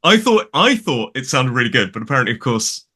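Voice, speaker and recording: A middle-aged man with a British accent talks at easy length, wandering from point to point with plenty of fillers and restarts. His voice sits at an ordinary pitch but has a bright, forward edge. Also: very animated, brisk. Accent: British English. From United Kingdom. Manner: chatty, digressive, with many restarts and fillers. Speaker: English teacher guest. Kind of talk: casual conversation.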